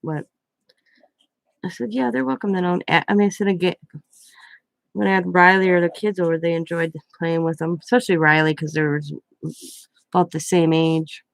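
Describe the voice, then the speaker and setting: A woman's voice: on the low side, flat delivery, a little fast, long pauses, dry recording. An older woman, a grandmother, chatting at home and rambling through a story with lots of self-corrections. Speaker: craft vlogger. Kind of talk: casual storytelling.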